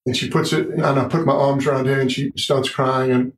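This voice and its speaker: A man's voice: medium pitch, a little fast, roomy sound, a little hiss or hum, poor audio. A middle-aged man telling a story as a podcast guest, acting out the dialogue as he goes. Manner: animated storyteller, acts out dialogue. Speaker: guest author and surfer.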